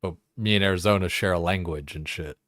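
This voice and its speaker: A low-pitched young man chats loosely over his gameplay, rambling and swearing freely with constant filler words. His voice sits deep and close, recorded dry with no room sound around it. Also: a little fast, fairly bright tone, dry recording. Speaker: streamer. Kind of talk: casual chat while gaming.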